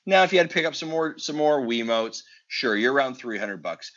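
A man co-hosting a casual podcast, telling stories with lively delivery and acting out back-and-forth exchanges. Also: mid-range voice, a little fast. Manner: animated storyteller, acts out quoted exchanges. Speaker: podcast co-host. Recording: dull lo-fi audio.

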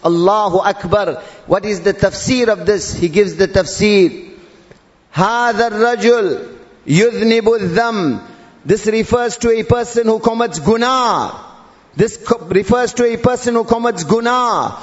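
A man preaching, his voice sitting high for a man. He drags out key words slowly and repeats them, climbing in emphasis. The sound is dull and muffled, with a long reverb trailing behind. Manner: repeats and drawls Arabic terms, rising emphatically. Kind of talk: sermon.

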